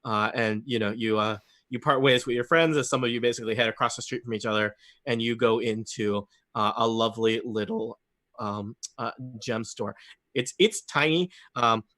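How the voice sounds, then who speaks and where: Bright-voiced rambling game master man. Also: medium pitch, moderate pace. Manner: rambling, self-interrupting improvised description. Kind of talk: narrating a tabletop game.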